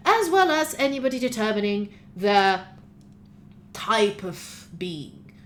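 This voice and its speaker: A woman's voice: mid-range voice, very animated, takes it slowly, a little hiss or hum. A woman voicing a droning male professor who heads a magic academy, lecturing at length.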